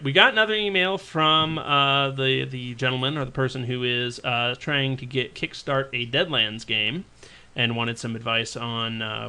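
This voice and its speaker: A podcast co-host chatting casually about tabletop games, this man has a mid-range voice with a bright, forceful tone. He rambles along, full of fillers and restarts.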